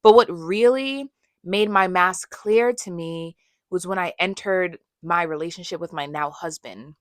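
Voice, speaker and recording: A woman's voice: fairly low pitch, unhurried, no room sound, studio quality. A young woman talking candidly to her camera about her own life, casual and reflective, sometimes acting out what she used to say. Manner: candid and conversational, acts out her own past voice. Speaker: vlogger. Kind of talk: personal storytelling monologue.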